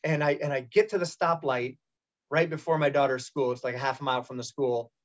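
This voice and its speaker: In a casual interview recorded with muffled, lo-fi sound, a middle-aged man candidly tells his personal cancer story. His mid-range voice is fairly even and fairly quick, and he rambles, restarts and acts out quotes.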